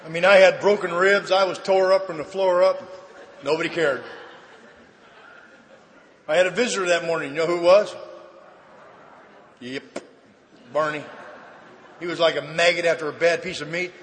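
A middle-aged man sharing his story with a live audience at a recovery meeting, a folksy comic storyteller with dry deadpan asides. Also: fairly high pitch, normal speed, pauses often. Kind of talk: humorous personal testimony to an audience. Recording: reverberant hall, faint background noise.

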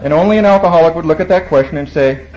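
A man's voice: fairly high pitch, racing, over a noisy crowd, heavy background noise. A man speaking at a recovery meeting, telling his story in a wry, self-mocking way and acting out what others said. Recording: dull lo-fi room recording, faint ambience.

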